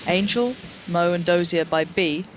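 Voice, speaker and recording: A man's voice: a little slow, noisy background. Male esports caster, voice leaps in plays. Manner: pitch leaps high in big plays. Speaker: esports commentator. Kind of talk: live esports play-by-play.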